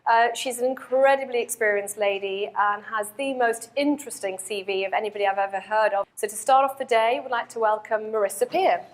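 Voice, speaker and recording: A woman presenter introducing the first speaker at an event, talking quickly with casual fillers. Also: a little high. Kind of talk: stage introduction.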